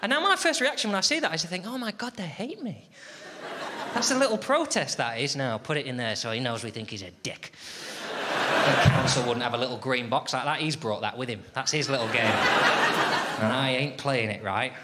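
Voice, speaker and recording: A male comedian performing stand-up with a wry, self-deprecating delivery. His pitch swings freely from line to line, and the live recording carries a noisy background. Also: animated, fast. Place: comedy venue with a live audience.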